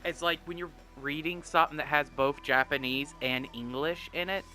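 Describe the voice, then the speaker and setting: Rambling, jokey young man with a bright voice. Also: on the high side, fairly even intonation, normal speed, soft background music. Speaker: gaming commentator. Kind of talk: let's play commentary.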